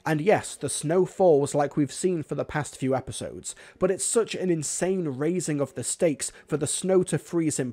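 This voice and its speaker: A man narrating a scripted video review of a TV episode, analytical and measured, with dry asides. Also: on the high side, mellow.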